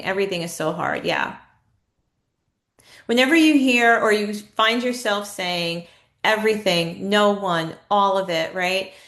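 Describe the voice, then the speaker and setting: A woman's voice: medium pitch, a bit bright. A woman leading a live online training in a conversational way, asking her audience questions and reading their chat replies aloud. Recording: echoey room.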